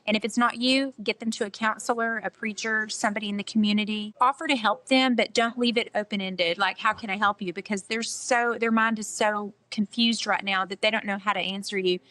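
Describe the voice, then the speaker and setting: Emphatic bright-voiced woman. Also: mid-range voice, steady tone, brisk, hardly any pauses. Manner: emphatic, earnest, preacherly. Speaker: guest author. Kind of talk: podcast interview.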